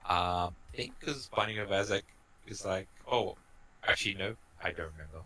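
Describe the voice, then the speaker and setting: A man's voice: low-pitched, moderate pace, sharp tone, slightly rough, poor audio. A man co-streaming a game, laid-back and playful in casual chat.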